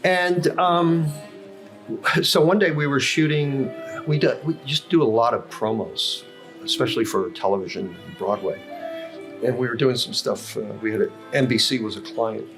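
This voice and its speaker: A man's voice: medium pitch, moderate pace. An older man in a coffee house telling long career stories as a podcast guest, with many fillers and self-corrections. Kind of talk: casual storytelling. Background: music playing.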